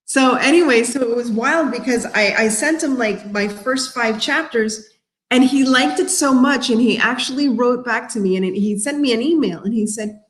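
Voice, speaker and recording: A woman's voice: on the high side, lively intonation, moderate pace, reverberant. A woman from Miami, an author hosting a casual livestream, chatting and rambling while she answers viewer comments. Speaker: author and crafting host.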